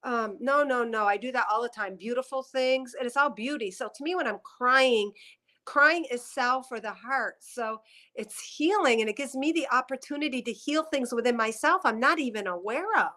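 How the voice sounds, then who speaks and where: A woman's voice: a little high, moderate pace, sharp tone. A woman doing a psychic reading on a headset mic, emotional and tearful as she rambles through her impressions. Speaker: psychic reader. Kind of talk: spiritual reading session.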